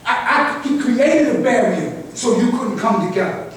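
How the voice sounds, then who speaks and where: An older man with a high voice lectures a group, preachy and full of restarts. He is heard from a distance in a very echoey room, with faint noise behind him. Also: expressive, normal speed. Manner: preachy, repeats "God" as address, restarts often. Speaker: speaker at a community gathering. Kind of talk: impassioned address to a group.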